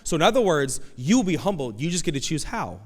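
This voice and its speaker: A man preaching a conversational, animated sermon as pastor, acting out quoted voices. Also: fairly high pitch, fast talker. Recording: long hall reverb.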